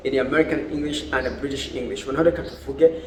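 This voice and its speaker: A man with a Burundian accent teaching English vocabulary, repeating each word slowly and clearly as he switches between languages. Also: mid-range voice, fairly even intonation. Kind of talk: bilingual vocabulary lesson. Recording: echoey room, faint background noise.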